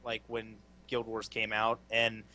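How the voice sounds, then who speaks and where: Guy on a gaming podcast, bright voice, kinda rambly, restarts a lot. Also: on the low side, completely flat delivery. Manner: rambling, halting restarts, laughs easily. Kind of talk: casual gaming podcast chat.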